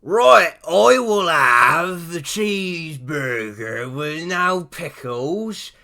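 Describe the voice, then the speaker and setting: Man doing a rural English country bumpkin, fussy diner, loud drawl, higher than his own voice. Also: lively intonation, very slow, vocal fry, exaggerated voice. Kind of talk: comic impression in casual chat.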